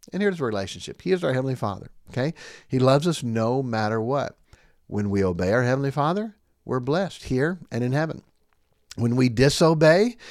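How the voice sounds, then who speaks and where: A man's voice: medium pitch, darkish tone, no echo, studio quality. A man preaching on a podcast, reading scripture and firing off scornful rhetorical questions.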